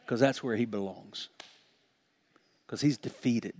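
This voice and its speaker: A man preaching a sermon as pastor, swinging from quiet, slow lines to loud, shouted ones. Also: mid-range voice.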